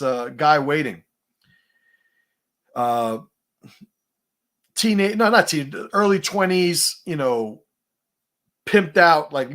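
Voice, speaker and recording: A man from New York City hosts a livestream, reading chat comments and telling stories in a profane, rambling style full of fillers and restarts. His voice sits at a medium pitch with a fairly bright tone.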